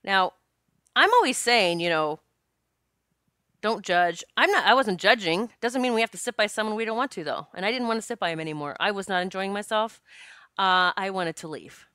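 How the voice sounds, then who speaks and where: A woman hosting a podcast, telling a personal story in a frank, animated way, swearing and laughing as she goes. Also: mid-range voice, normal speed, smooth, no room sound, clean studio sound. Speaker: podcast host.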